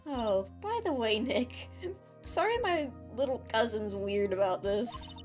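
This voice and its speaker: A woman voicing a bubbly, upbeat young woman who talks in a cheerful, lively way. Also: a little high, unhurried, faint music behind.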